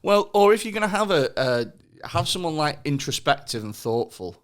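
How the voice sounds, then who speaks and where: Sweary, animated podcast host. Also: male voice, fairly high pitch, normal speed. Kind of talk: casual podcast chat.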